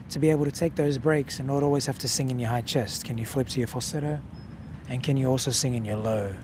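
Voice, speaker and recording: A man's voice: a little high, darkish tone, slight background noise. A man teaching singing in a casual video lesson, talking straight to the viewer and checking in with frequent "okay?"s. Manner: direct, coaching, frequent "okay?" check-ins.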